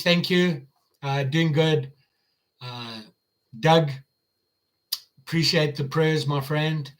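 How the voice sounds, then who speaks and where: With a slightly high voice, slow delivery, and long pauses, an older Midwestern American man chats casually as host of his live stream channel. He rambles, using fillers and restarting his sentences.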